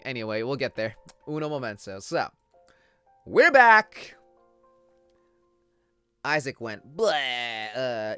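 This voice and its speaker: A young man live-streaming a game, rambling and cracking jokes to his chat. His voice is bright and forceful, with soft game music faint in the background. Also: on the high side, clear, resonant tone. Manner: joking, rambling, reads game dialogue aloud. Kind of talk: casual live-stream commentary.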